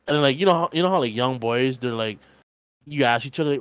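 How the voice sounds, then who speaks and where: A man's voice: mid-range voice, quick pace, clear, resonant tone, no room sound. Young guy cussing his way thru a podcast story, dry close sound. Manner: swearing, storytelling, animated quoting. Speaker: podcast co-host. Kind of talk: casual chat.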